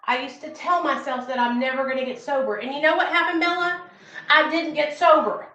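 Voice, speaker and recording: A woman's voice: high-pitched, fast talker, sharp tone. A young woman hosting a recovery livestream, giving a casual, earnest pep talk that encourages and repeats itself. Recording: echoey room, dull lo-fi sound.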